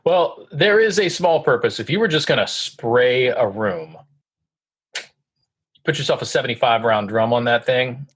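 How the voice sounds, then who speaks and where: A man's voice: mid-range voice, lively intonation, moderate pace, a bit bright, slightly rough. A man co-hosting a podcast in casual chat, upbeat and enthusiastic. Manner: upbeat, enthusiastic, laughs often. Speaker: podcast co-host.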